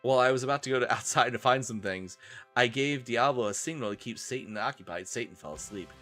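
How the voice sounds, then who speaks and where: A man's voice: mid-range voice, fast talker, bright, forceful tone, faint music behind. A man streaming a comedic dramatic reading with mock-dramatic narration and wry asides.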